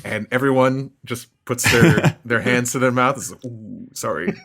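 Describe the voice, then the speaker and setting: A man co-hosting a podcast, recapping a comic in a casual, halting way, often chuckling. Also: medium pitch, steady tone, fairly bright tone. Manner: chuckling, halting, lots of fillers. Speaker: podcast co-host.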